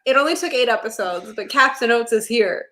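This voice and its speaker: A woman with a fairly high, bright, expressive voice talks a little fast while co-hosting a podcast. She animatedly recaps a TV show in casual chat, leaning heavily on "like" and "it's so funny."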